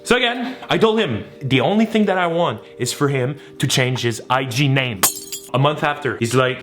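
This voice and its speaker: A man telling a story to camera with lots of energy, acting out each voice he quotes and shrieking when he gets to the shocks. His voice sits at an ordinary middle pitch. Music plays clearly underneath him. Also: moderate pace. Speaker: vlogger. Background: background music.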